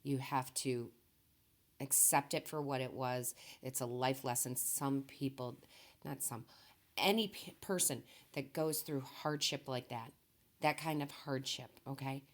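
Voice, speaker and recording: A woman giving a tarot reading, who talks softly and reassuringly and keeps checking in with "okay". She is emotional and close to tears, and her voice stays low and quiet. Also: fairly even intonation, a little slow. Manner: soft-spoken, emotional, reassuring, says okay often. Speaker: tarot reader.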